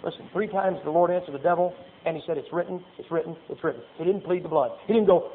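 High-voiced preacher on a tinny line. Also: male voice, fast talker. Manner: folksy preaching with Bible readings and acted asides. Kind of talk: sermon. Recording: tinny phone-like sound.

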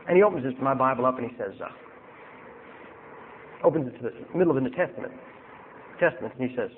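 A male preacher telling a story in a sermon, acting out both sides and getting loud and heated. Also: mid-range voice, lively intonation, quick pace, in a large hall, phone-quality sound, slight background noise.

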